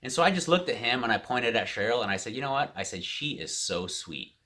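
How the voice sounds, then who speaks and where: A man's voice: mid-range voice, a little fast. A man casually telling a story straight to camera, quoting the people involved without changing his own voice. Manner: animated, quotes others in his own voice. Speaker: vlogger. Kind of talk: storytelling vlog.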